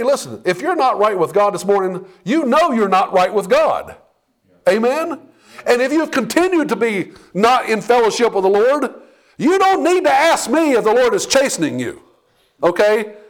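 A male pastor preaching a sermon in a conversational style, peppering his points with "okay?" and "Amen?" and building in intensity as he exhorts. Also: very high voice.

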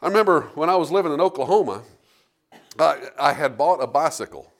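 A man's voice: on the high side, fairly quick. A middle-aged man preaching as a pastor, telling stories and asking the congregation for amens. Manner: lively preaching with call-and-response amens. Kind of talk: sermon with storytelling.

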